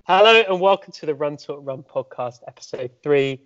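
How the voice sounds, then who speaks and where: A man hosting a podcast, who opens the episode and introduces his co-host in a brisk way with some fillers. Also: fairly high pitch, lively intonation, fairly bright tone, faint music behind. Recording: dull lo-fi sound.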